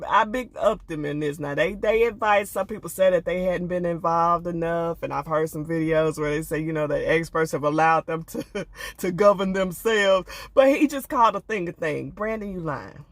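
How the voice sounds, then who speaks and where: Older woman, casual show reviewer, animated and sassy, dry close recording. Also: on the low side, no echo. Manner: animated, laughing, sassy asides. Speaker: reality TV reviewer. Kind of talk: casual commentary.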